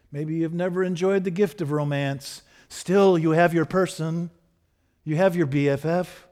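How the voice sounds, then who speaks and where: Man preaching a sermon, higher voice. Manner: rises to fervent repeated refrains, then drops soft and low. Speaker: pastor.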